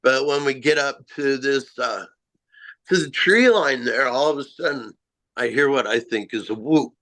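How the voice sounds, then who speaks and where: A middle-aged man telling a first-person story of a strange encounter, halting and self-mocking, with frequent restarts. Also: medium pitch, a bit bright, low-quality recording. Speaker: amateur Bigfoot researcher.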